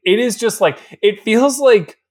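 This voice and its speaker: A man's voice: high-pitched, unhurried. A man co-hosting a podcast, giving a casual and sarcastic movie recap. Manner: animated, sarcastic. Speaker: podcast co-host.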